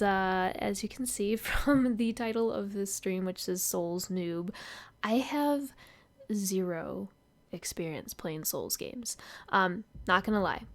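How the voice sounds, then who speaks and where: A woman streamer chatting casually to her live chat before starting a new game, friendly and self-deprecating, with fillers and small laughs. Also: a little high. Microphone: desk microphone.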